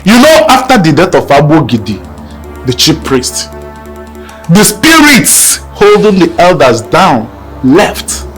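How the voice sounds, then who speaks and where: A formal, authoritative palace messenger in a film drama. His fairly high voice rises and falls a lot. Soft music plays underneath. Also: wildly swooping pitch, slow, heavily acted. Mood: firm. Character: stern male palace messenger of the elders.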